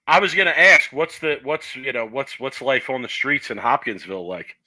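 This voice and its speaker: A man's voice: mid-range voice, moderate pace, pushed and bright, rough recording. A man hosting a casual comedic podcast, loose and playful, with lots of fillers as he interviews a guest. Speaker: podcast host.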